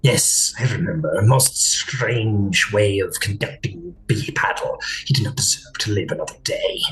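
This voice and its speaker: A man voicing a cold, sinister male mind flayer prophet in a low, hissing whisper. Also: moderate pace, a bit bright, lightly acted, rough recording. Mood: menacing whisper.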